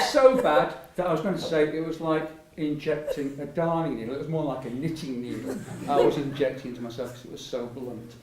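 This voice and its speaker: A man's voice: fairly high pitch, brisk, hardly any pauses, very noisy. An older man, telling stories in a public talk, rambling with many restarts and frequent laughter. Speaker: patient speaker at a public talk. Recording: echoey hall, mic at a distance.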